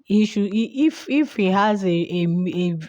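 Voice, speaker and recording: A woman's voice: medium pitch, lively intonation, unhurried, a little mellow, no room sound. A young woman commenting casually on a reality show, chatty and repeating herself with many fillers. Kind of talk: casual chat.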